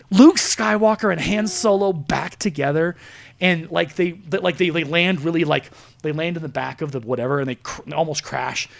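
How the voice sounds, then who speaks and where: A man hosting a podcast in a studio, an excitable storyteller who acts out scenes in casual chat. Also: a little high, moderate pace, creaky. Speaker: podcast host.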